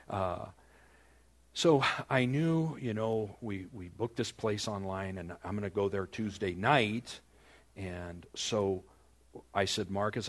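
An older man, a pastor, telling a personal story in a sermon, with self-deprecating humor, his voice rising and then dropping to a near whisper. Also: deep voice.

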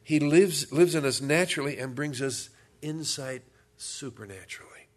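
A pastor giving a sermon in a conversational, humorous storytelling manner. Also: male voice, a little high, normal speed.

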